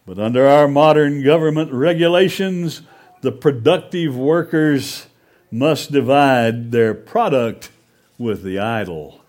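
A man's voice: medium pitch, slow, darkish tone, pitched above the performer's own voice, lightly acted. A man voicing a smug, lecturing male government agent in a told fable.

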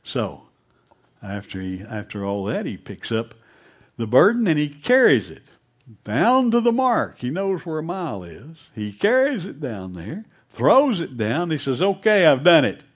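Animated male preacher. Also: mid-range voice, a little slow, slightly rough. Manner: animated storytelling, drops to a hush for emphasis. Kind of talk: sermon.

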